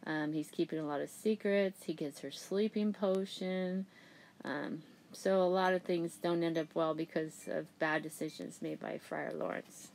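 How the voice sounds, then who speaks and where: A woman's voice: deep voice, steady tone, a little slow, gravelly, a little mellow, slight background noise, rough recording. A woman teacher talking through a reading assignment casually, with lots of "okay" and "um" as she paraphrases. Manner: plain, chatty paraphrasing with many "okay" and "um" fillers. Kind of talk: casual classroom explanation.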